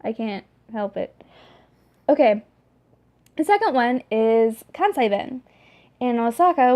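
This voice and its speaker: A young woman talking casually to the camera in a vlog, chatty and animated, with many fillers and restarts. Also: on the high side. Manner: animated, talks with her hands. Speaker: vlogger.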